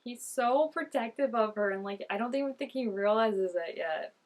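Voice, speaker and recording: A woman's voice: fairly high pitch, lively intonation, normal speed. Gushing young woman reacting to a show. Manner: gushing, chatty, laughs often, many "like" fillers. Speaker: TV reaction vlogger. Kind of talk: casual reaction commentary.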